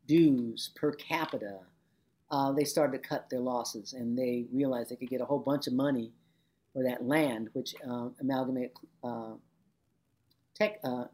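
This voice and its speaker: An older woman with a notably low voice reflects on her teaching years in an interview. She tells stories with animation and slips into the voices of the people she quotes. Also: warm tone. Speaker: interviewee, former labor educator. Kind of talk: reflective oral-history interview.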